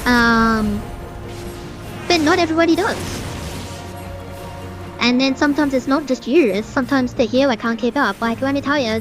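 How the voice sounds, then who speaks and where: A young woman who streams games rants as she plays, her loose, rambling commentary packed with fillers, especially "like." Her voice is a little high for a woman and fairly bright, with faint game music beneath it.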